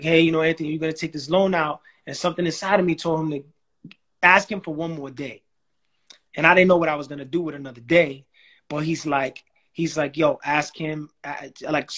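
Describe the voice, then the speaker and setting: A young man, a guest telling a personal story in a casual, animated way, acting out quoted dialogue with slang and restarts. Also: on the high side, fairly quick, husky. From New York.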